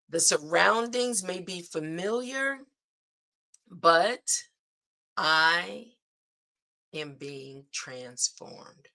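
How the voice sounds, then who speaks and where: A woman's voice: rumbling low, bright, forceful tone. A woman hosting a devotional livestream, speaking earnestly with frequent "right?" asides. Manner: slow, earnest, with spoken declarations and frequent "right?". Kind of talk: inspirational devotional talk. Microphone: streaming setup.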